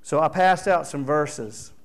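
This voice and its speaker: A man's voice: fairly high pitch, slow pace. A man preaching a sermon as pastor, earnest and exhorting, reading scripture aloud with rising emphasis.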